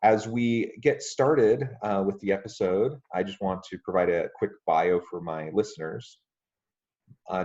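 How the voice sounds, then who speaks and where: A man hosting a podcast interview, speaking in a polite, measured way with frequent ums. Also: fairly low pitch, warm tone. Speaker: podcast host. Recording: muffled lo-fi audio.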